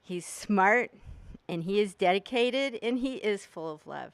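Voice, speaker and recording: A woman's voice: medium pitch, expressive, measured pace, dry recording. An older woman giving a brief, cheerful endorsement, laughing at herself. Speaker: community supporter. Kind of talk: informal spoken endorsement.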